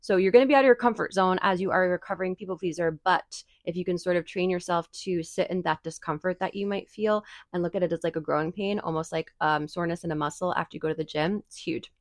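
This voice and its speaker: A woman's voice: fairly low pitch, fast talker, few pauses, no room sound, studio quality. A woman podcast host giving advice in a chatty, casual monologue full of fillers and restarts.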